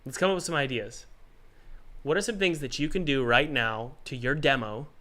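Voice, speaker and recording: A man with a cold who coughs now and then, hosting a casual livestream and giving game development advice in an energetic, rambling, jokey way. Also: mid-range voice, moderate pace.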